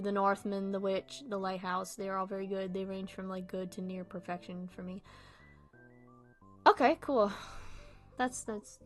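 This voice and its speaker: A young woman chatting casually about movies on a stream, excitable, laughing often and swearing freely. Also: mid-range voice.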